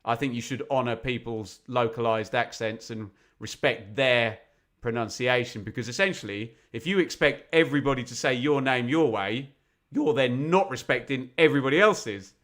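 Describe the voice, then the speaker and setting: A man from England giving live football commentary on a fan watch-along, chatty and opinionated, with sudden bursts of excitement when chances come. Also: medium pitch, normal speed. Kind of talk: live football commentary mixed with casual chat.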